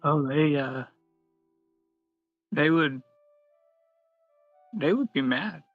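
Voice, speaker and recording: A man's voice: on the high side, extremely slow, no room sound, phone-quality sound, soft background music. A man playing a tabletop game, eager and stammering as he jumps in. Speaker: player. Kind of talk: casual tabletop role-play.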